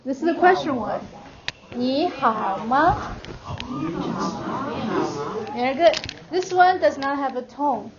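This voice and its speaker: A woman's voice: high-pitched, animated, a little fast, few pauses, over a noisy crowd. A woman teaching a beginner language class, patiently modeling words for her students to repeat. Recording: dull audio, noisy classroom.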